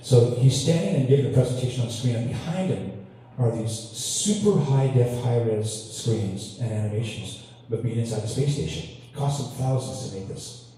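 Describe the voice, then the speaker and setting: A man's voice: mid-range voice, moderate pace, mellow, slight background noise. A man from Canada telling chatty, self-deprecating stories between songs to an audience in a hall, laughing along as he goes. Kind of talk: on-stage storytelling banter. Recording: echoey hall, distant mic, faint ambience.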